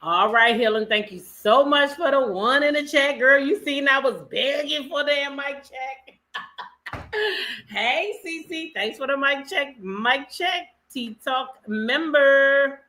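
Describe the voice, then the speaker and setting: A sassy woman hosts a casual live chat, calling out viewers by name. Her voice is bright and forward, and she talks at an easy, unhurried pace. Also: sits high. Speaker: livestream host.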